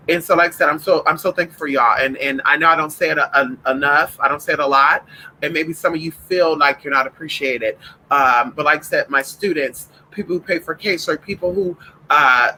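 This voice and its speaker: A man's voice: on the high side, pushed and bright, slight background noise, rough recording. A man hosting a spiritual livestream in casual chat. He talks effusively, repeats himself, swears freely, and calls viewers "honey.".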